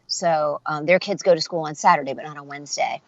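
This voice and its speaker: A woman's voice: sits low, fast talker, no room sound, muffled recording. A middle-aged woman voice actor and dialect coach telling stories in a casual interview, acting out the voices she quotes. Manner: animated storyteller, acts out quoted voices.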